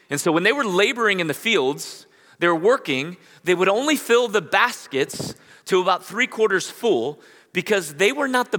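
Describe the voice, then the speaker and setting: A man's voice: a little high, bright, forceful tone. A man preaching a sermon as pastor, reading scripture and building to emphatic bursts. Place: church sanctuary. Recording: long hall reverb.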